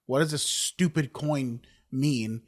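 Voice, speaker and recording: A man playing in a tabletop game, speaking in a plain, matter-of-fact way. His voice sits at an ordinary middle pitch. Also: slow. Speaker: player.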